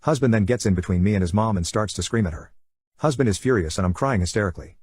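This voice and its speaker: A man narrates internet stories at a quick, even clip. His voice sits low with a breathy, husky edge. The sound is dry and close, with no room around it. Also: dry recording.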